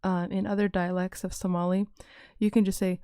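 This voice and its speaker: A woman's voice: medium pitch, flat delivery, warm tone, clean tone, no echo. Patient woman teaching phrases, dry sound. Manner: patient, repeats phrases slowly for learners. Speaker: language teacher. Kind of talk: recorded language lesson.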